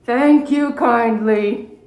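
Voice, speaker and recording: A woman voicing an old, sleepy, forgetful giant male bear with a gravelly, slow, drowsy voice. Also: a little high, darkish tone, echoey room.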